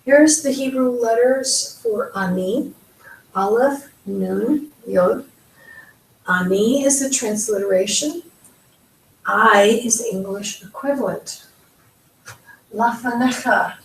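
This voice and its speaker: American woman, language teacher, unhurried and careful, roomy distant recording. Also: fairly high pitch, slight background noise. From United States. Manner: patient, careful, spells out sounds slowly. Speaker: Hebrew teacher. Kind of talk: slow step-by-step language lesson. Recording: echoey room, voice from off-mic.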